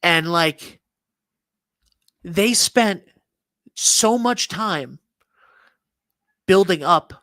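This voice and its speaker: A man's voice: high voice, lively intonation, very slow, pauses often, sharp tone, no echo. A man co-hosting a casual morning chat show, telling long, rambling stories with many restarts. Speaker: co-host.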